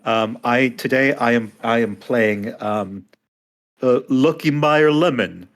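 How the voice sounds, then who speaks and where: A man's voice: mid-range voice, slow pace. A man introducing himself as a tabletop game player, casual and hesitant with many restarts. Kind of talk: casual chat.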